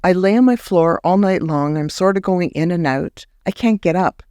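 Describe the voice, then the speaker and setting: A woman, a guest telling a personal story in an animated, halting way. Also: dry recording, studio quality. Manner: animated, acts out remembered words in a higher voice; halting restarts when recounting. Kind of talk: personal storytelling in a podcast interview.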